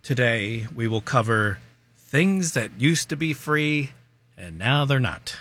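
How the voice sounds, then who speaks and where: A man's voice: mid-range voice, animated, slow pace, a bit bright, no echo. A man co-hosting a radio show in casual, wry banter. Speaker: radio co-host.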